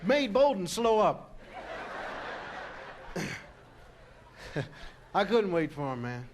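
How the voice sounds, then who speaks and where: A man from Philadelphia telling a long comic story on stage, in a chatty, animated way full of "you know" and "man". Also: sits high, extremely slow, a little hiss or hum. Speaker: comedian. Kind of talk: stand-up storytelling.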